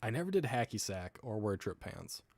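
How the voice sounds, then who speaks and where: A man's voice: fairly low pitch, very animated, moderate pace, creaky. A man hosting a casual livestream, rambling between topics while answering viewer comments and laughing often. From US South. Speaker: livestream host.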